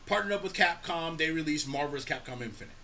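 A man in his thirties, co-host of a casual chat, opinionated and animated, telling stories and swearing casually. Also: fairly high pitch, quick pace, slight background noise.

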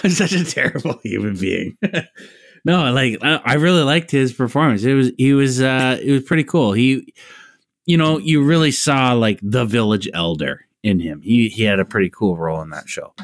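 A man's voice: mid-range voice, moderate pace, dry recording, clean studio sound. A man co-hosting a podcast in casual chat, joking darkly and swearing, often breaking into laughs. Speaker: podcast co-host.

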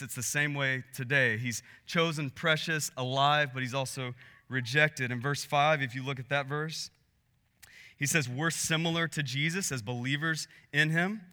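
A man's voice: mid-range voice, bright, forceful tone. Man preaching in a reverberant hall. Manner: earnest storytelling, rising in intensity. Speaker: pastor. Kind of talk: sermon.

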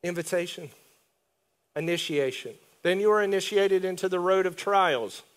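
High-voiced man preaching animatedly. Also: moderate pace. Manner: conversational, animated preaching with asides and laughs. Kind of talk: sermon.

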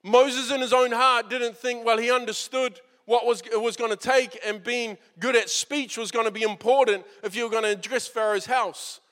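High-voiced New pastor in a reverberant hall. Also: male voice, fairly even intonation, normal speed, hardly any pauses, fairly bright tone. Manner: conversational, earnest preaching with quotes acted out. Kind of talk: sermon. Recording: long reverb of a large hall.

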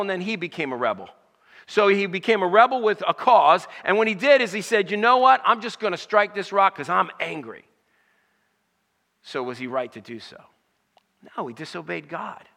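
A man preaches a sermon in a high, bright voice. He reads scripture and acts out its quoted lines with rising emphasis. A long reverb hangs around his voice, as in a large hall. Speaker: pastor.

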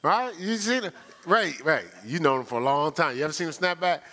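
A man's voice: a little high, animated, brisk, sharp tone. A male pastor preaching a sermon, playful and teasing with his congregation.

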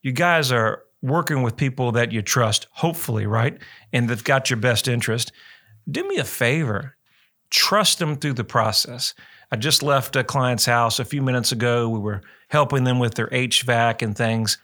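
A man hosts a local real estate radio show, talking in a loose, rambling, chatty way. His voice is bright and forward. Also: mid-range voice, normal speed. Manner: rambling, chatty, animated quoting. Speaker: radio show host, realtor. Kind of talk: casual radio talk.

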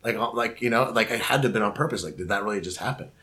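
A middle-aged man telling a long story as a podcast guest, animated and profane, often stumbling and restarting his words. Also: lowish voice, racing. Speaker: guest musician. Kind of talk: casual storytelling.

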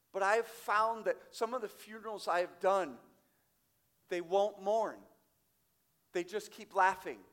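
High-voiced male pastor preaching. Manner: emphatic, varies loudness widely, slows on quoted scripture. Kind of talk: sermon. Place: church sanctuary.

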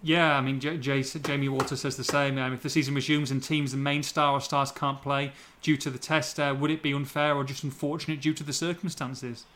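A man from Hull, hosting a casual podcast chat, reading out listener questions and joking quickly. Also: medium pitch, slight background noise. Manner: quick, jokey and animated.

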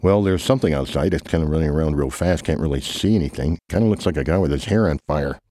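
Very deep-voiced man in silly banter. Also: quick pace, warm tone, no room sound, clean studio sound. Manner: rambling, hesitant, silly. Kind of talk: improvised comic banter.

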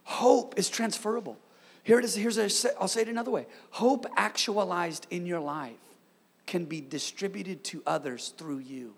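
High, gravelly man preaching a sermon. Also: moderate pace, long reverb tail. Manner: energetic call-and-response preaching with street slang. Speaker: pastor.

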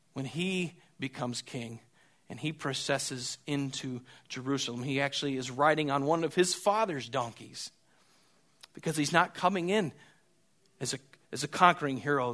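Bright-voiced male preacher. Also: medium pitch. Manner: preaching with swings between hushed and loud. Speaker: pastor. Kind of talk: sermon.

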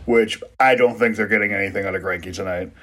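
A man's voice: lowish voice, fairly even intonation, fairly quick, fairly bright tone. Joking man chatting sports with a mouthful. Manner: joking, swearing, laughs often. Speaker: podcast co-host. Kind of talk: casual sports chat.

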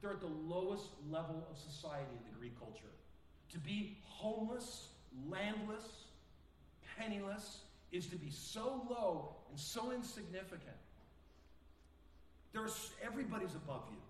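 A male pastor preaching a sermon earnestly, acting out quoted voices with sudden rises in pitch. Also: expressive, measured pace, roomy sound, distant mic, slight background noise.

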